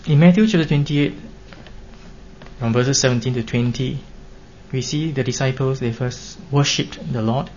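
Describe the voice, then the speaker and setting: A man preaching a sermon in an earnest, measured way, pressing his points with emphatic rises. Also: medium pitch, darkish tone. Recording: dull lo-fi recording with faint hiss.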